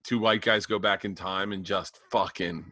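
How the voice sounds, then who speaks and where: Rambling man with a dry, bright voice. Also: deep voice, fairly even intonation, normal speed, dry recording. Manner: rambling storyteller, chuckling. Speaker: podcast co-host. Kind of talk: casual chat.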